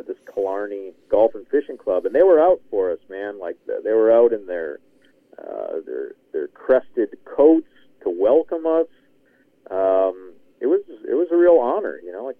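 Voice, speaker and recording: A man's voice: fairly low pitch, no room sound. Male podcast guest, chatty yarn-spinner, thin phone-line sound. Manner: rambling, laughs often, says "man". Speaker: guest contributor. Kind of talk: casual podcast storytelling. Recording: tinny, dry phone line.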